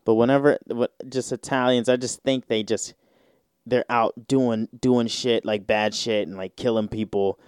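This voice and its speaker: Slow-talking slangy male podcast host. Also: mid-range voice, fairly even intonation, darkish tone, clean tone, dry recording, clean studio sound. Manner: rambling, slangy, lots of fillers. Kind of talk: casual solo podcast chat.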